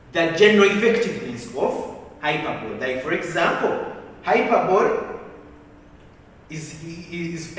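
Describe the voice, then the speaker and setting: Man, teacher, slow classroom lecture, lively rising and falling pitch, checks in with "okay?", far-off mic, long hall echo. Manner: repeats points, checks in with "okay?" and "hmm?". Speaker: literature teacher. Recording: echoey hall, distant mic, faint hiss.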